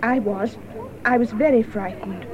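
A woman's voice: fairly high pitch, measured pace, darkish tone, muffled recording, lightly acted. An actress playing Mary, a frightened young woman in love, in an English-learning radio drama. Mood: shaken.

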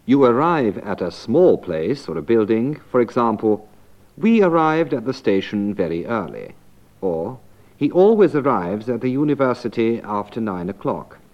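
A man narrates a language lesson in clear, measured tones, his pitch moving in lively swings. The sound is dull and lo-fi, like an old course tape. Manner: clear, measured teacher delivery. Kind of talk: scripted narration and explanation.

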